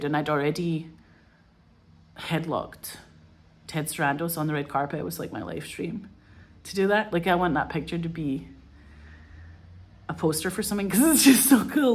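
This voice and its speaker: Woman in her 30s just chatting to camera, kinda low voice, rambly, says like a lot. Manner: rambling, peppered with "like", animated when retelling. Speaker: actress vlogging. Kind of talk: casual storytelling to camera.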